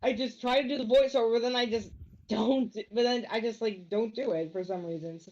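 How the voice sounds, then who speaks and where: A woman chatting casually on a stream, halting and trailing off. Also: a little high, darkish tone. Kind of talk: casual chat. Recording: dull lo-fi mic.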